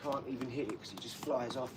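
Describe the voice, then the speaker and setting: A man's voice: mid-range voice, quick pace, heavy background noise. A man who is a father, rambling and boastful in casual live-stream chat, mixing in street slang. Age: adult father.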